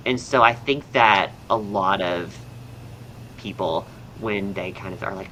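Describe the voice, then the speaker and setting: Young Southern male podcast host, bright tone, chatty and rambling, light background hiss. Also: low voice, animated, normal speed, rough recording. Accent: Southern American. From American South. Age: young adult. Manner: chatty, upbeat, rambling with fillers. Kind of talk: casual chat.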